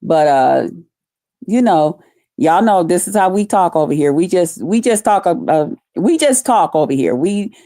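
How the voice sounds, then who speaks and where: A woman's voice: lowish voice, animated, measured pace, mellow, no echo, studio quality. A woman hosting a casual live stream, talking loosely with lots of profanity and greeting viewers by name. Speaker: livestream host.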